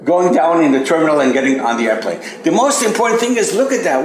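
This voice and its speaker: A man sharing personal memories with a group at a spiritual center, hesitant, with many restarts, rising high and animated when amazed. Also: quick pace, noisy background. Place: meeting room at a spiritual center. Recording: echoey room recording.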